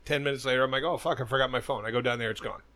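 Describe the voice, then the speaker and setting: A middle-aged man hosting a podcast tells a long, rambling story in casual chat, swearing constantly. His medium-pitched voice is steady, pushed and bright, delivered rapid-fire with no echo.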